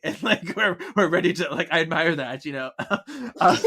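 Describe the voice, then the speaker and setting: A woman's voice: low voice, wildly swooping pitch, takes it slowly, fairly bright tone, breathy edge. A woman co-hosting a podcast, recapping a book in casual chat with lots of laughter and acted-out lines. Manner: giggly, acts out characters' lines mid-retelling. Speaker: podcast co-host.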